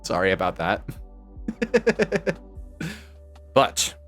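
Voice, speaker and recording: A man with a fairly low voice chats on his live stream from home, and his pitch leaps around as he talks. He rambles and gets excited, hopping between topics. Soft music plays faintly under his talk. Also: drawn-out words. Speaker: VTuber streamer. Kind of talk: casual live-stream chat.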